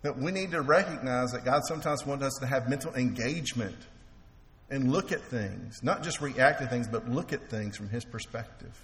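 A man's voice: mid-range voice, a bit bright. A man preaching a sermon in an earnest way, often repeating words as he restarts. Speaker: preacher and teacher. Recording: echoey hall with faint ambience.

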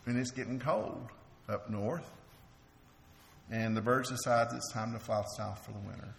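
A man's voice: medium pitch, steady tone, unhurried, vocal fry. Earnest male preacher in an echoey hall. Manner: earnest, repeats words as he restarts. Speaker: preacher and teacher. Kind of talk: sermon. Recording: echoey hall with faint ambience.

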